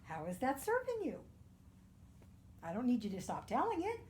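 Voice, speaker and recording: A woman minister giving a gentle, earnest spiritual talk, sometimes dropping to a soft near-whisper. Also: a little high, wildly swooping pitch, moderate pace, a little hiss or hum.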